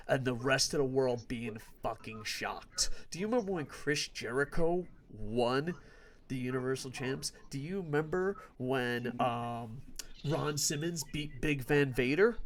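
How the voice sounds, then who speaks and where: Profane ranting wrestling podcast host. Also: male voice, medium pitch, a little slow, a bit bright. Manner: profane, emphatic, sarcastic. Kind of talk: casual ranting prediction talk.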